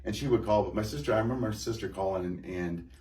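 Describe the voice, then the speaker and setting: Halting deep-voiced man telling his testimony. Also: dark tone. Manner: halting, rambling storytelling with many restarts and fillers. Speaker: guest giving a testimony. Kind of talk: personal testimony conversation. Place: church room. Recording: echoey room, mic at a distance.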